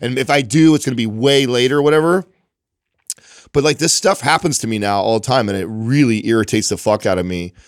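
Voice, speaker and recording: A man's voice: medium pitch, a little fast, clean tone, dry recording. A man in his forties, a trainer co-hosting a podcast, venting bluntly with plenty of swearing in casual chat on a studio mic. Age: 40s.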